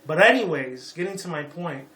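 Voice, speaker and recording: A man's voice: fairly high pitch, lively intonation, normal speed, reverberant, very noisy. A man in his twenties from Las Vegas, ranting on a vlog in a rambling, profane way and leaning on "you know" again and again. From Las Vegas, Nevada. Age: 20s. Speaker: YouTuber. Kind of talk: rambling opinion rant.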